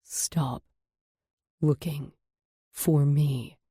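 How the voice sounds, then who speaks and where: A woman's voice: low-pitched, fairly even intonation, extremely slow, mellow, husky, no room sound, studio quality, exaggerated voice. A woman narrator voicing a guarded, protective man who speaks in clipped, firm words in an audiobook. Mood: low. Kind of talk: audiobook character voice.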